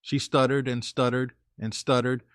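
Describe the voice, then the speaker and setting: A man's voice: medium pitch, flat delivery, moderate pace, a bit bright, clean tone, no echo. Man, casual first-person storyteller, chatty, talks to listeners, dry close sound.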